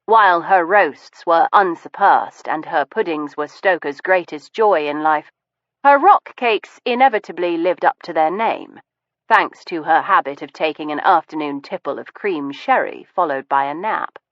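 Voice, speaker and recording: A woman's voice: low-pitched, normal speed, dry recording. A woman narrating a period mystery audiobook in the first person, arch and precise in manner. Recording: dull, muffled studio recording.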